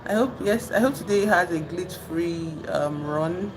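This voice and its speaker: A woman hosting a casual livestream, chatty and full of fillers, teasing her quiet chat. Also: on the low side, unhurried. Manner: chatty, trails off with fillers, teases an unresponsive chat. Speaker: live streamer. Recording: steady background noise.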